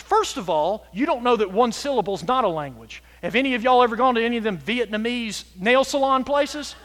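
A pastor preaches with a high, ringing voice. He presses hard on some lines and drops to a hush on others. The reverb of a large church hall carries his words. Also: animated, fairly quick, few pauses. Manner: emphatic preaching, swinging from loud to hushed. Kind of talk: sermon. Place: church sanctuary.

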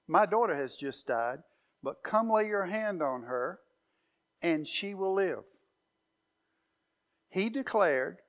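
High-voiced male preacher teaching emphatically. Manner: emphatic Bible teaching, rising to loud declarations. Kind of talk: sermon.

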